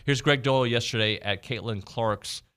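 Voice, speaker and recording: A man hosting a sports talk radio show, teasing his guest with quick questions. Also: mid-range voice, fairly bright tone. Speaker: radio host. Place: radio studio.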